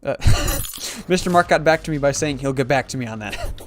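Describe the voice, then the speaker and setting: A man's voice: mid-range voice, expressive, normal speed, noisy background. Sarcastic, rambling male game streamer. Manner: joking, sarcastic, rambling with many fillers. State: sleepy, yawning. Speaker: gaming livestreamer. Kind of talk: casual livestream commentary.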